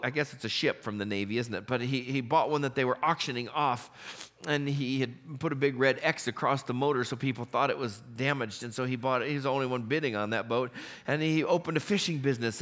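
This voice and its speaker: A man's voice: fairly high pitch, fairly bright tone. A man, a pastor, preaching a sermon in a church and telling stories with humor, often laughing. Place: church sanctuary.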